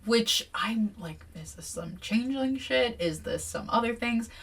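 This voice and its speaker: A woman's voice: a little high, lively intonation, unhurried, husky, distant mic. A woman co-hosting a casual book podcast, talking animatedly, swearing freely and acting out quotes. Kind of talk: casual book-club chat and reading aloud.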